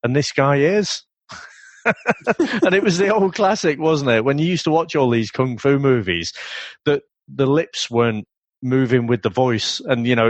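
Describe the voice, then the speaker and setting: A man's voice: mid-range voice, no room sound. A man co-hosting a podcast, chatting casually about an old martial arts film, often laughing and mimicking lines. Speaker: podcast co-host.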